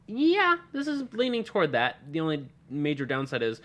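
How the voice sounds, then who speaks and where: A man's voice: a little high, huge pitch swings, normal speed, fairly bright tone. A man co-hosting a casual podcast chat, loose and profane, trailing off and laughing. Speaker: podcast co-host.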